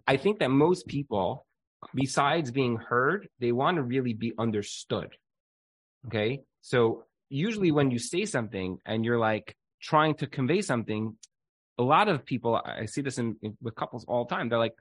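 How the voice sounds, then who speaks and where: Guy counselor chatting on a podcast, lively, acts out couples, dry sound. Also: medium pitch, normal speed, slightly rough, no room sound. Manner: animated, acts out quoted spouses. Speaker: marriage counselor. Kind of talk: casual podcast talk.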